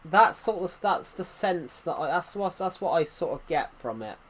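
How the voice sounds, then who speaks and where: A man's voice: a little high, lively intonation, normal speed, a bit bright. A man giving casual, rambling commentary while playing a video game, chatting and drifting onto side topics. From Britain. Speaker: gaming channel host.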